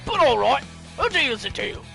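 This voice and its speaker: A bellowing mock-cockney brute. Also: male voice, very high voice, very animated, normal speed, gravelly, pushed and bright, soft background music, voice pushed up, full character voice. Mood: gloating. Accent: made-up cockney. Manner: jeering, bellowing. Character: brash loudmouthed male rival team leader.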